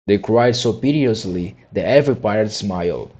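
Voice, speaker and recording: A man's voice: on the low side, expressive, moderate pace, few pauses, a little mellow, breathy edge, poor audio. A man reading a classic children's novel aloud, often stopping to restart and re-read phrases. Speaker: audiobook reader. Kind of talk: amateur storybook reading.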